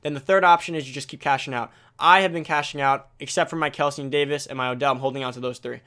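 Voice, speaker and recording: A teenage male gaming video creator talking fast and casually, restarting phrases as he explains tips straight to viewers. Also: medium pitch, steady tone, sharp tone, clear, resonant tone. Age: teens. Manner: rapid, self-correcting, talks straight to viewers. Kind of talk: fast casual game commentary.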